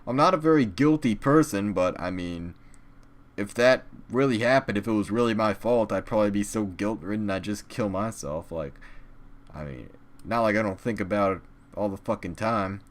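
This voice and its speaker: A young man hosting a comedic vlog in character, rambling crudely with sudden loud outbursts. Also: fairly low pitch, moderate pace.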